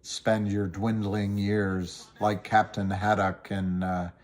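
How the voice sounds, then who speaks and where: A man's voice: on the low side, flat delivery, takes it slowly. Rambling middle-aged man chatting on a livestream. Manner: rambling, self-deprecating, reads viewer comments aloud. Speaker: livestream host. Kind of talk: casual livestream chat about stocks.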